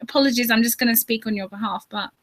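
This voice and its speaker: Brief: woman co-host, high and bright voice, playful, reads comments aloud in casual chat. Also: fairly even intonation, quick pace. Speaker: co-host reading viewer comments.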